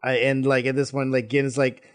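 A man on a podcast recapping a story in a halting way, with lots of fillers and restarts. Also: mid-range voice, level tone. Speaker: podcast guest. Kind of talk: casual podcast chat.

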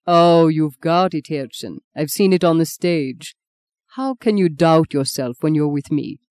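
A woman plays a tender German man in a storybook, murmuring low and soft. His voice is mellow and warm with a German accent, set in a dry, close recording. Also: expressive, a little slow, dry recording. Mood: hushed.

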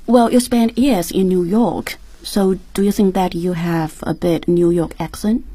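A woman's voice: fairly low pitch, measured pace, warm tone, husky. A woman co-hosting an English lesson on the radio, asking the guests questions. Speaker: radio co-host. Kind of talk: bilingual lesson chat.

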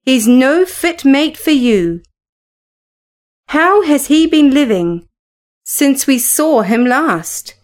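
A woman reading aloud as a serious housekeeper giving a measured warning. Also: high-pitched, lively intonation.

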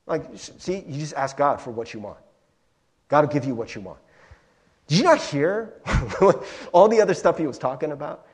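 A man's voice: a little high, moderate pace, long pauses, breathy edge. A male pastor giving a casual, joking sermon, talking straight to the congregation. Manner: animated, joking, addresses listeners as friends and guys. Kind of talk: conversational sermon.

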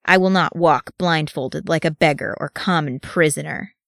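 A woman voicing a proud, angry male dwarf warrior who speaks loud and forceful in dialect, recorded dry and close. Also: low-pitched, normal speed, vocal fry, dry recording.

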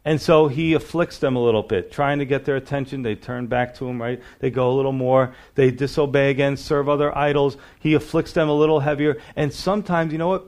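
Going verse by verse through his sermon, a middle-aged male pastor reads scripture aloud in a voice that is a little high with a darkish tone. He preaches conversationally, posing rhetorical questions to those listening.

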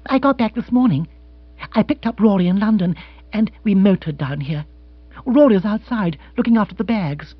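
Wry sophisticated wife, read by a man, slightly husky, dry dull recording. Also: high voice, expressive, normal speed, no echo, pitched above the performer's own voice. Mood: breezy.

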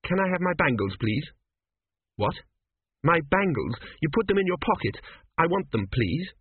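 Prickly, naive young woman, pitched high, cool and indignant, put on by a male reader; thin, dry audio. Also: very animated, normal speed, slightly rough, no echo. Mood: plaintive. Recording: dry, tinny phone-like sound.

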